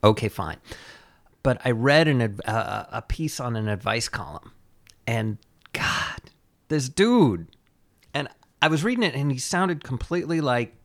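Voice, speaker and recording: Guy with a gravelly voice, chatting, dry jokey asides. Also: medium pitch, very animated, measured pace. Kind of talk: casual chat.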